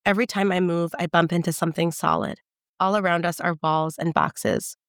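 A woman giving a measured, intimate first-person audiobook narration. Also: fairly low pitch, steady tone, a bit bright, no room sound, clean studio sound.

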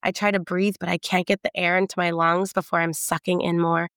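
A woman giving a measured, intimate first-person audiobook narration. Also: fairly low pitch, flat delivery, a bit bright, clean tone, no echo, clean studio sound.

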